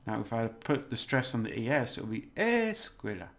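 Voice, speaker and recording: A man's voice: medium pitch, fairly even intonation, a little fast. A man giving a casual video language lesson, chatty, exaggerating words to demonstrate them and laughing at his own slips. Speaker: language teacher.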